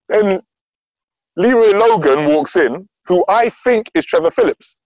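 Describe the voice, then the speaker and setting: A man telling a story with lively energy and acting out the voices of the people in it. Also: sits high, moderate pace, vocal fry, no room sound. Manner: lively, acts out quoted dialogue. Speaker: guest. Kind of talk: animated storytelling. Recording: dull, dry sound.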